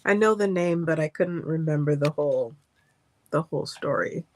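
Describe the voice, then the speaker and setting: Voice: mid-range voice, normal speed, a little mellow. A person off-mic in a casual chat, chiming in with brief agreeable remarks.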